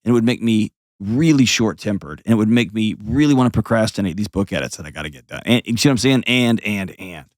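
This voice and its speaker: Lowish guy host, blunt coaching on a call-in advice show, dry sound. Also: fast talker, hardly any pauses, dry recording. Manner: blunt, coaching, vivid imagery.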